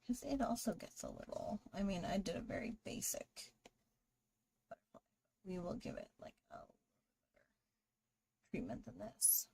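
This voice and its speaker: A woman's voice: medium pitch, measured pace, creaky, pauses often, a little mellow, slight background noise. A woman hosting a live drawing stream, chatting casually with viewers and greeting them while she draws. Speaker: livestream artist host.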